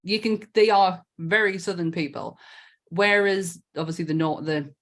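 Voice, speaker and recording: A woman from England, co-hosting a casual chat, animated and swearing casually. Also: lowish voice, normal speed. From Northeast England. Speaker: podcast co-host.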